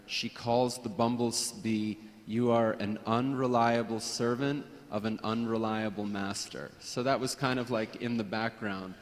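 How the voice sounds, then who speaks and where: Man, mid pitch, personal reminiscence, hesitant with restarts, long hall reverb. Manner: hesitant, with frequent restarts and soft laughs. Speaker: speaker at a memorial gathering.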